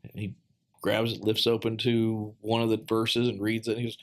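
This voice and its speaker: A man with a fairly low voice tells a personal story in relaxed podcast conversation. He speaks earnestly and haltingly, restarting phrases and filling pauses with ums. His voice often drops soft and quiet. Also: gravelly.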